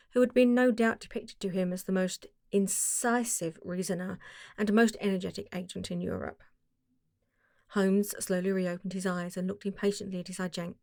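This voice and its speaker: Woman reading an audiobook, calm measured storytelling, mid pitch, no room echo. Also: studio quality. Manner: measured and descriptive. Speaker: audiobook narrator. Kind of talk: scripted narration.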